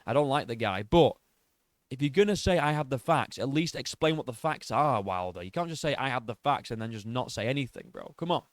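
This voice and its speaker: A man's voice: mid-range voice, lively intonation, fairly quick, dry recording, clean studio sound. Sarcastic man mocking a clip. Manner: mocking, sarcastic, swears freely, laughs at the clip. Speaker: reaction commentator. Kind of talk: video reaction commentary.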